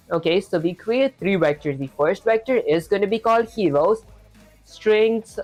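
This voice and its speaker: A man streaming live coding, talking quickly in a casual, chatty way, reading instructions aloud and filling gaps with fillers. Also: sits high, animated, a little mellow, soft background music. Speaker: programming streamer.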